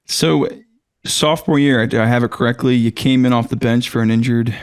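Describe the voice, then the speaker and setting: Gravelly-voiced podcast host. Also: male voice, mid-range voice, steady tone, fairly quick. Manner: attentive, affirming interjections. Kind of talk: interview questions. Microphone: podcast studio mic.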